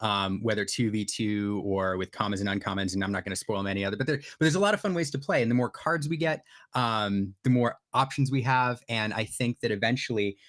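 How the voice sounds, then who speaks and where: A man's voice: fairly low pitch, a little fast, a bit bright. Male host on a video call, loose and rambling, lots of ums. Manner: rambling, many fillers and restarts. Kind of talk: casual livestream chat.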